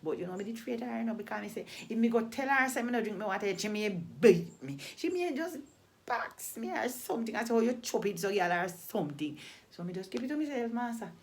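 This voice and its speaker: A woman from Jamaica with a Jamaican accent, telling a story in a deliberate way and repeating phrases for emphasis. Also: on the high side, animated. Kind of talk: oral storytelling.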